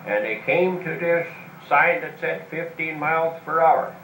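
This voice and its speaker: A man telling jokes to his family in a slow, halting way full of uh's and repeats, caught on a home video. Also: fairly high pitch, fairly bright tone, distant mic, slight background noise. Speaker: family joke teller. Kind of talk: casual joke telling. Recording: roomy home video from afar.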